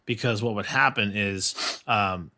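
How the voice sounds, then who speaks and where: A man co-hosting a podcast in casual chat, with a low voice that still has a bright, forward edge. He works hesitantly through details he half remembers, filling the gaps with "um.". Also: measured pace. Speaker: podcast co-host.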